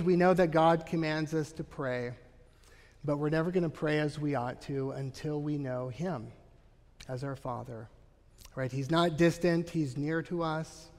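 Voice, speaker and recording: Pastor, male, emphatic sermon delivery, fairly high voice, echoing sanctuary sound. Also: a little mellow. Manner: earnest, emphatic preaching with frequent "Right?" asides.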